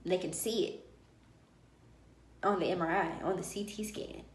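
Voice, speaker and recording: A woman vlogger telling a personal story in a lively way and acting out the dialogue of others. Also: lowish voice, measured pace, slight background noise. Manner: animated, acts out dialogue. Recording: roomy echo.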